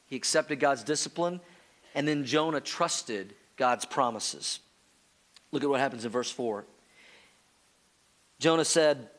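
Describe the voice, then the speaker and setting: A man preaching a sermon, telling family stories with acted-out voices, then turning soft and earnest. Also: medium pitch. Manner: animated storytelling, acting out his child's pleading voices; drops to a soft, slow earnest tone for the teaching. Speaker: pastor.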